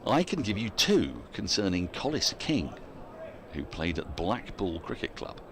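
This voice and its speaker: A man's voice: low-pitched, very animated, measured pace, fairly bright tone. A man giving live cricket commentary in a chatty way, laughing often and reading out listener emails between the play.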